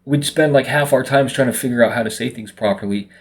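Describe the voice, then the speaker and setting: A man's voice: medium pitch, fast. A man vlogging casually to his viewers, rambling along with lots of fillers. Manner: relaxed, rambling with many fillers. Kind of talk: casual monologue to camera.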